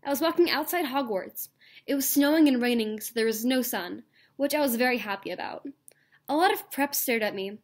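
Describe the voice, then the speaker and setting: A young woman reading a fanfic aloud in a comic, mock-earnest deadpan. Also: sits high, a little fast. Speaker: channel host. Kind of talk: comedic dramatic reading of a fanfic.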